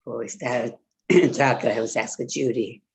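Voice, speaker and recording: Speaking at a moderate pace in a rumbling low voice, an older woman chats casually among fellow congregants, spinning a rambling tale full of fillers and quoted speech.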